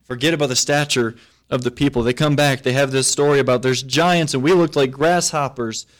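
A man preaching at a mid pitch for a man. He moves between solemn scripture reading and plain, conversational retelling. His volume rises and then drops almost to a murmur. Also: steady tone, fairly quick. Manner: reads scripture then explains in plain talk; swings from loud to very soft. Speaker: pastor. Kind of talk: sermon.

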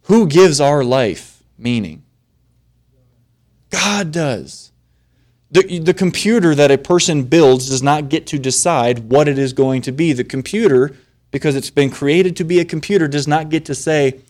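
A man's voice: fairly high pitch, measured pace, a little mellow. Conversational man preaching a sermon. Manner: conversational preaching, rising to emphatic stress. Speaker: pastor.

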